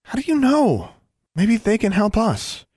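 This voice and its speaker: A woman's voice: mid-range voice, huge pitch swings, unhurried, a little mellow, breathy edge, dry recording, studio quality, voice pushed up, full character voice. A man voicing a curious, eager young witch girl who keeps asking questions. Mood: urgent.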